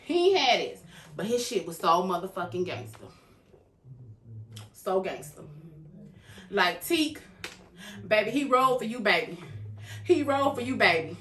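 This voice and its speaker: A young adult woman hosting a reaction video, recapping an episode in casual, animated storytelling and acting out the characters' lines. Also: mid-range voice, measured pace, pauses often. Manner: animated storytelling, acts out characters' lines, calls viewers "baby". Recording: echoey room, faint background noise.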